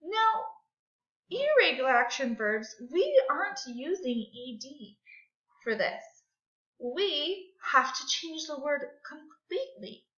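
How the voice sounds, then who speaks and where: A woman teaching a second grade grammar and phonics lesson, clapping out syllables in a slow, sing-song teacher voice. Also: high-pitched, very animated, a bit bright. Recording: echoey room, dull lo-fi sound.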